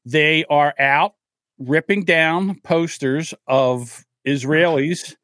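A man's voice: a little high, takes it slowly, a bit bright, no echo. A man co-hosting a podcast, chatting casually and joking around on a close, dry microphone. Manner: jokey, does silly mock voices. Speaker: podcast co-host. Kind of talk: casual banter.

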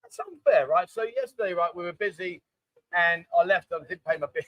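A man's voice: high-pitched, fairly quick, no room sound, dull audio. A man hosting a casual livestream from a bar, hungover, rambling and joking as he reads out viewer comments. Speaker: livestream host. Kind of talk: casual chat. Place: bar, indoors, construction banging nearby. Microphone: microphone.

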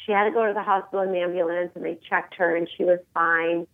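A woman in her forties speaks as a guest in a phone interview. Her voice comes over a thin, tinny phone line with no room sound at all. She talks in an emphatic, animated way. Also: fairly low pitch, fast talker, gravelly, no echo. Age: 40s.

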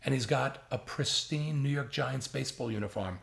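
Gravelly older man telling stories. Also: medium pitch, normal speed, roomy sound. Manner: lively storyteller who imitates others and swears freely. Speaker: comedy writer guest. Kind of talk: casual anecdote telling.

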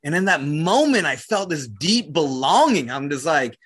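New Zealand man, easygoing and higher-pitched. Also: big pitch swings, normal speed, a bit bright, slightly rough. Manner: casual, heavy use of "like" and "right?", laughs easily. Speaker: guest. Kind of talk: reflective conversational interview.

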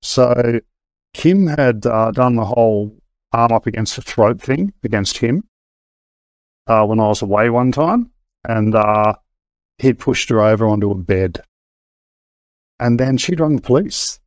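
Unhurried and given to long pauses, this middle-aged man speaks at medium pitch with lively intonation and no echo. He's an interview guest telling his own story in a frank, casual way, full of hesitations and restarts.

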